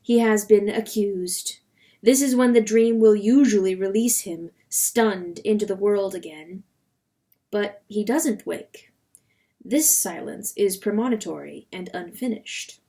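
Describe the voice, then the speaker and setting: Woman narrator for a dramatic book reading, slow and measured, mid-pitched. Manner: measured, expressive.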